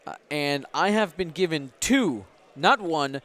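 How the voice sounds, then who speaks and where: A man with a fairly high, fairly bright voice hosts a game tournament livestream at normal speed. As commentator he chats upbeat with viewers, hypes up the chat and runs giveaways.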